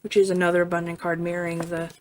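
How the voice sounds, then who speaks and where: A woman's voice: fairly low pitch, flat delivery, fast talker, dry recording. A woman giving a casual tarot reading in a chatty way, full of fillers, often checking in with "right?" and swearing now and then. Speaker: tarot reader.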